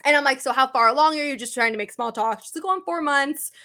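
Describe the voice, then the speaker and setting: High-pitched woman chatting on a podcast, lively storyteller, swears a lot. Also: quick pace. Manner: animated, swears a lot, acts out quoted voices. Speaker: podcast co-host. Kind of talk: casual storytelling chat.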